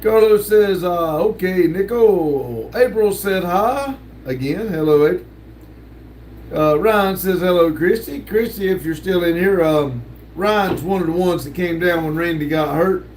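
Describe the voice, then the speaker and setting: In a home room with stickers plastering one wall, an older man runs a casual livestream, laughing a lot as he drawls out viewers' chat messages. He speaks high and without hurry, his tone on the dark side, and there's a faint hiss or hum.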